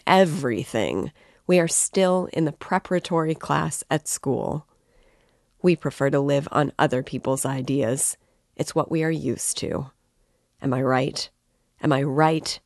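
A woman reading the part of an excitable, tipsy young man who rambles and declaims with passion. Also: low voice, dry recording, clean studio sound. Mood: impassioned. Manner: impassioned, rambling, emphatic.

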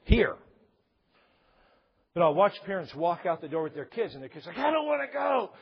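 A man preaching a sermon, animated, acting out parents and children, sometimes raising his voice to a shout. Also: a little high, moderate pace, breathy edge. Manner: raises voice to a shout at points. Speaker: pastor. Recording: dull lo-fi recording.

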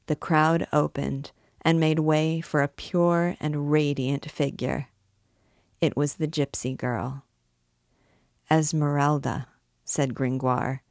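A woman reading a classic novel aloud as a book guide, telling the story in a measured, expressive way. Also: deep voice, no room sound, clean studio sound.

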